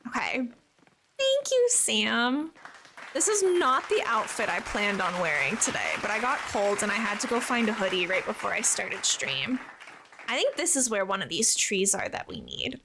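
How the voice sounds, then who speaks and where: A woman's voice: a little high, sharp tone. A young woman chatting casually as a live streamer while playing, bubbly and talkative, answering her viewers.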